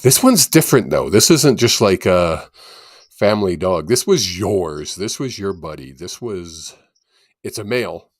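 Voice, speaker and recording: Low-voiced man channeling in casual chat. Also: dry recording, studio quality. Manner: animated, laughs often, quick bursts of excitement. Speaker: psychic medium host.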